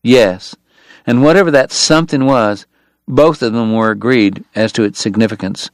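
Male narrator, mid-pitched, steady and measured, dry close studio sound. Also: no echo. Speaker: audiobook narrator. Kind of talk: scripted narration.

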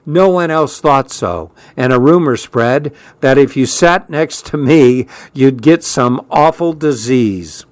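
Male narrator for a first-person novel: measured, slow delivery, dry booth sound. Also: medium pitch, no room sound. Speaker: audiobook narrator.

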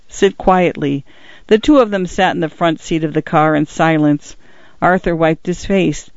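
High-voiced man reading a story. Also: darkish tone, no room sound. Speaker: audiobook narrator. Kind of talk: scripted narration. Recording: slightly dull, dry read.

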